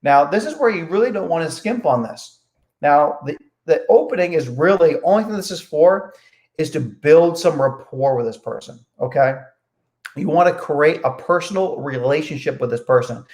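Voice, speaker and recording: A man's voice: a little high, animated, moderate pace, darkish tone. A young man teaching real estate sales calls in a casual spoken lesson, repeating his points and acting out sample phone lines. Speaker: real estate investing coach.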